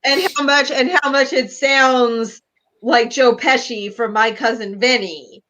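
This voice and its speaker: A woman's voice: on the high side, fairly even intonation, measured pace, bright, forceful tone. A woman in a casual writers' chat, giving mock-effusive praise. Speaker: sketch writer.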